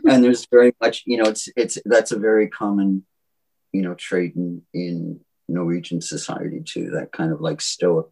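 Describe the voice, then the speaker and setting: A man with a soft Southern US accent, a songwriter talking about his songs in a reflective, halting way with many restarts. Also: low voice, steady tone, husky, low-quality recording. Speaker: songwriter guest. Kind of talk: reflective interview talk.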